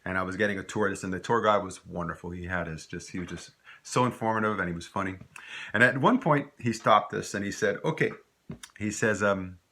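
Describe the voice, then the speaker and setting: A man's voice: low-pitched, quick pace, bright, forceful tone. A man teaching a recorded language lesson, rambling into anecdotes and switching between French and English.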